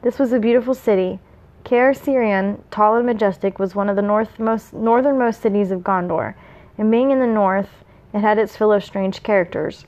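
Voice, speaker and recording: A woman's voice: mid-range voice, normal speed, a little mellow. Woman reading a story aloud, dull recording. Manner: plain reading with small slips and asides. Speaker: reader. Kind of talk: reading fan fiction aloud.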